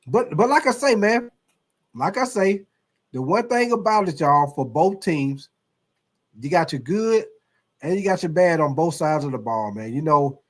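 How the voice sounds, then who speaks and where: A man hosts a casual sports livestream and talks in a loose, slangy, animated way. His voice sits a little higher than most men's. He keeps the chat going as he reads out viewer comments. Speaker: host.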